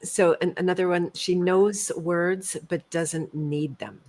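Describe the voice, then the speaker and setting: A woman's voice: fairly low pitch, fairly even intonation, slow, a little mellow. A middle-aged woman in casual conversation, reflective, laughing at herself as she tells a story. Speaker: co-host.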